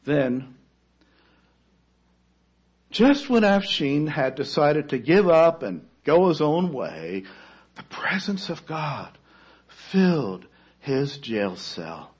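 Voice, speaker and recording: A man preaching a sermon, telling a story dramatically, rising to loud cries and then falling to a near-hush. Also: on the high side, sing-song, takes it slowly, pauses often, slightly rough, lo-fi sound.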